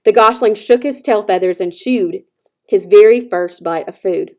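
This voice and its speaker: A woman teacher reading a children's novel aloud with expressive storytelling. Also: mid-range voice, normal speed. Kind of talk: children's book read-aloud.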